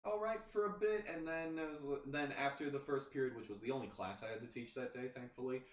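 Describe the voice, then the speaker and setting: A man's voice: medium pitch, fast. A man chatting casually as a podcast host, telling a rambling story full of restarts and "you know". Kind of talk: casual chat. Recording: roomy, distant mic, faint background noise.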